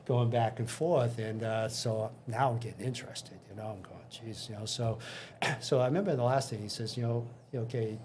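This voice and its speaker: Older male interview guest: a chatty storyteller who quotes dialogue and restarts sentences, medium-pitched voice, faint hiss in the background. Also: moderate pace, darkish tone. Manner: anecdotal, acts out dialogue, frequent restarts. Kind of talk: casual storytelling.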